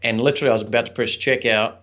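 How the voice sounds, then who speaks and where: Rapid-fire and a bit bright, this young adult man's mid-range voice stays steady as he shares a personal story on a podcast where he's a guest entrepreneur. His manner is earnest, reflective and chatty with a few fillers, captured in slightly dull lo-fi sound.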